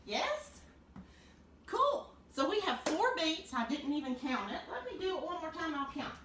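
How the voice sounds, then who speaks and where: Lively woman teaching clog steps. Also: high-pitched, normal speed, far from the mic. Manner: upbeat, counts beats aloud while stomping. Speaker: clogging dance teacher. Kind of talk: demonstrating a dance lesson. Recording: roomy, from off the mic, noisy.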